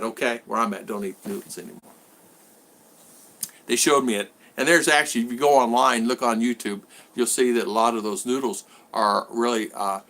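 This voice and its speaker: A man talks loosely to his viewers during a home live stream, circling back and repeating phrases as he goes. He breaks off now and then to greet people by name. His voice sits at an ordinary middle pitch. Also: bright, forceful tone. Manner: rambling, repetitive, greets chat viewers by name. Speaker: vlogger hosting a live stream. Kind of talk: casual live stream chat. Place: at home in the Philippines.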